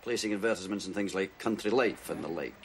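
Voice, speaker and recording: A man's voice: deep voice, slight background noise. A shrewd, bossy businessman. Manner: brisk and commanding. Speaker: boss giving orders.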